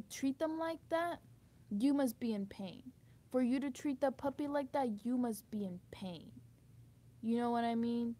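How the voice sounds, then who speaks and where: A woman's voice: high voice, a little mellow. A young woman venting in a candid monologue, emotional and frustrated, swearing often and saying "like" a lot. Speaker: vlogger.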